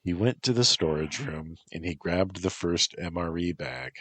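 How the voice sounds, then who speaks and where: A man narrating a story in a slow, measured reading voice with a husky tone. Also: sits low, lively intonation, fairly bright tone, no room sound.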